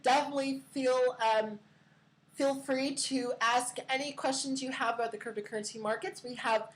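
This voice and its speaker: High-voiced female host, giggly, chatty with fillers, casual stream. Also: fairly even intonation, moderate pace, low-quality recording. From California. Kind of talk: casual live stream chat.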